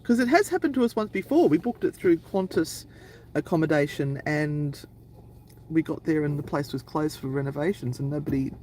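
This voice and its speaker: A woman's voice: sits low, lively intonation, moderate pace, warm tone, a little hiss or hum, low-quality recording. A woman co-hosting a live stream, telling a long travel anecdote in a chatty, rambling way. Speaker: paranormal channel co-host. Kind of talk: casual live-stream storytelling.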